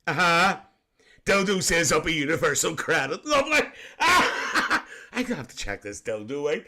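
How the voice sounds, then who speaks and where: A man's voice: on the high side, bright, forceful tone, exaggerated voice. A man playing a cheeky auntie figure on a comedy live stream, reading comments with risqué jokes and squealed exclamations. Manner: giggly and risqué, squealing "lovely". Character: bawdy cheeky auntie woman, gossiping and giggling.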